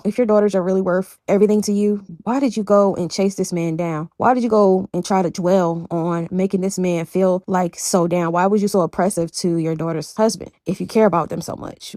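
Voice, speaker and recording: A woman's voice: medium pitch, warm tone, no room sound, studio quality. A woman casually retelling a bible story in a chatty, digressive way, full of asides. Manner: chatty, digressive, fillers like "you know".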